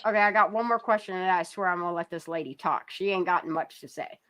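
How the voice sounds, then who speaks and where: A woman's voice: lowish voice, fast talker, a bit bright. A woman hosting a casual true-crime commentary, talking bluntly and sarcastically, with profanity, over a video she is playing. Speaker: channel host.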